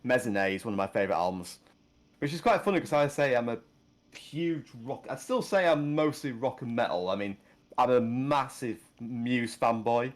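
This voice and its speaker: Casual podcast guy, chatty and self-interrupting, lively pitch. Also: normal speed. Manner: rambling, chatty, laughs often. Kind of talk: casual chat.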